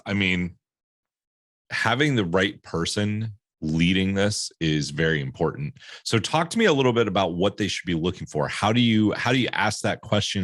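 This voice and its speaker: Male host with a very low voice, relaxed questioning, dry close mic. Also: no room sound. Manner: relaxed, asks questions, conversational fillers. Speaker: podcast host. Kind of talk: conversational interview.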